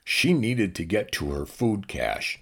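A male audiobook narrator with a deep, gravelly voice and a husky grain. His reading is lively and expressive, and his pitch roams widely as he moves through the story. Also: slow. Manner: expressive, shifts pitch for each character.

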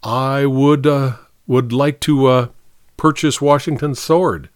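A man's voice: mid-range voice, steady tone, slow pace, dry recording, clean studio sound, close to an everyday voice. Pale, stammering man collector, hesitant, voiced by the narrator. Audiobook. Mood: nervous. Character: nervous, pale male collector.

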